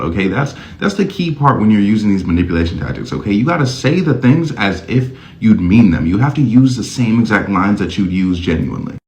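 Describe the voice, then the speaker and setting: A man talking casually to camera, animated and acting out both sides of imagined conversations. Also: mid-range voice. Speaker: social media dating commentator.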